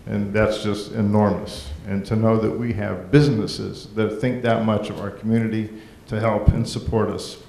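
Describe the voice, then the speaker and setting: A man gives folksy, rambling council meeting remarks as mayor. His voice sits a little low. The echoey chamber carries a faint rumble behind him. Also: little pitch movement, normal speed, vocal fry, hardly any pauses, a little mellow. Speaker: mayor presenting a proclamation.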